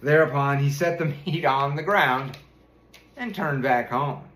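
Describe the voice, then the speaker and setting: A man's voice: mid-range voice, unhurried, a bit bright. A man reading a fairy tale aloud, chuckling now and then as he narrates. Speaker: storyteller. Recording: roomy echo.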